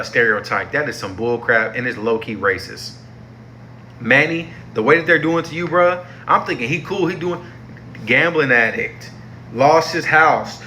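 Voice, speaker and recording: A man's voice: mid-range voice, bright, forceful tone, slight background noise. A young man giving a casual, heated review of a TV show, slangy and exasperated, repeating himself for emphasis.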